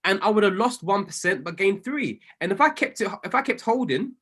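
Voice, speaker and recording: A man, a trading coach talking casually through trades on screen, excitable and often correcting and apologizing to himself. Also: sits high, brisk, husky. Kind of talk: casual commentary while reviewing trades on screen.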